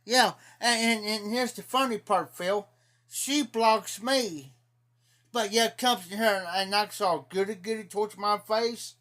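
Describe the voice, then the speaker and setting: A man's voice: high voice, bright, forceful tone. A man with an Ohio accent telling a rambling, indignant story in a casual livestream, repeating "I said" as he goes. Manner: drawling, slow-paced delivery.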